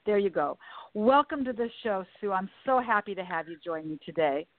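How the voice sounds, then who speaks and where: A woman's voice: medium pitch, lively intonation, moderate pace. A woman hosting a talk radio show, introducing her guests with enthusiasm. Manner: enthusiastic, effusive. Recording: dry phone-line sound with faint music.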